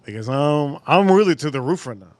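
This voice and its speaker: Animated, profane man at a grill. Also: fairly high pitch, a little fast, dry recording. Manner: animated, profane, with sudden loud exclamations. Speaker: live-stream host. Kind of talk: casual live cooking stream chat. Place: outdoors at a grill.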